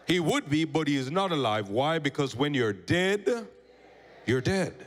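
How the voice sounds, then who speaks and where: A male pastor preaching a sermon, telling a story and calling on the congregation for amens, rising loud then dropping low. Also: very animated, a little slow. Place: church sanctuary. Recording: church hall reverb.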